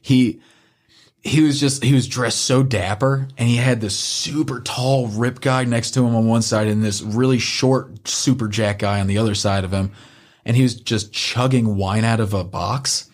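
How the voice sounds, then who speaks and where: A man's voice: medium pitch, steady tone, moderate pace. A young man hosting a podcast, telling a rambling, profane story in casual chat, full of filler likes. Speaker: podcast host.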